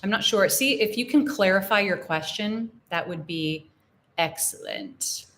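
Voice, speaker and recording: A young American woman teaching English in a live Q&A, explaining phrases slowly and repeating examples. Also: mid-range voice, a bit bright. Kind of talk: live-stream Q&A lesson.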